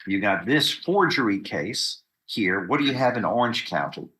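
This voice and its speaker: Stern deep-voiced Texan judge. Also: male voice, animated, moderate pace, a bit bright, a little hiss or hum, poor audio. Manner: stern, lecturing. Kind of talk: courtroom hearing. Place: courtroom on a video hearing.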